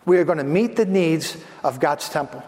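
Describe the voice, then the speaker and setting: A man preaching as a pastor, his voice pitched notably high for a man. He speaks earnestly and stacks repeated phrases to build each point. His words ring with the long reverb of a big church hall. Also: moderate pace, darkish tone. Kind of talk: sermon.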